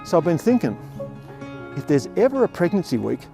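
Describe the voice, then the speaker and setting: A man's voice: on the high side, big pitch swings, a little fast, gravelly, over music. An older man with an Australian accent telling his own life story on stage with wry, self-deprecating humour. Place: theatre stage before an audience.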